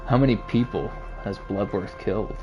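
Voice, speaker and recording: A weary animal detective, read by a man in a low, quiet voice, brooding over his doubts in an inner monologue. Soft music plays faintly under him. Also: moderate pace, lo-fi sound, lightly acted. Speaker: game voice-over reader. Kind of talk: reading a story game aloud.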